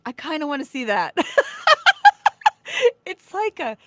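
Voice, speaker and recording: A woman co-hosting a casual chat, halting and flustered, often stammering and laughing. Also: sits high, very animated, fairly bright tone, dry recording. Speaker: show co-host. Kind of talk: casual banter.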